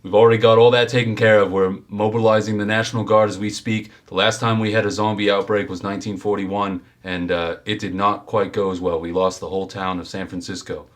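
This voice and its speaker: A brisk, upbeat government boss in a tabletop game, rattling off orders fast in a deep voice, as a man plays him. He sounds sure that the situation is under control. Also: flat delivery, lightly acted. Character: brisk male government agent boss on a phone.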